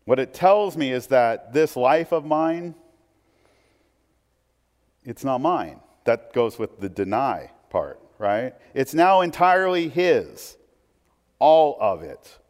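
A man's voice: medium pitch, very animated, takes it slowly, darkish tone. A man preaching a sermon in a conversational way, with asides and restarts. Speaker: pastor. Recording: long hall reverb.

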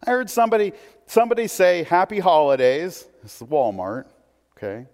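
A man's voice: high voice, wildly swooping pitch, a little fast, darkish tone. A man preaching a sermon in a conversational way, with asides and restarts. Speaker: pastor. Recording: long hall reverb.

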